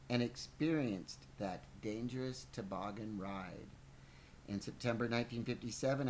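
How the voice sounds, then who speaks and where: A man's voice: mid-range voice, a little mellow, slight background noise, low-quality recording. A man reading a book aloud on a podcast, stumbling now and then and breaking off for playful asides. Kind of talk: live book reading with banter.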